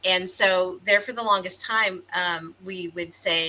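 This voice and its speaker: A woman's voice: lowish voice, fairly even intonation, unhurried, bright, forceful tone, low-quality recording. A chatty woman with a Southern American accent, co-hosting a live podcast and reading viewer comments aloud. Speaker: podcast co-host. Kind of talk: casual chat on a live stream.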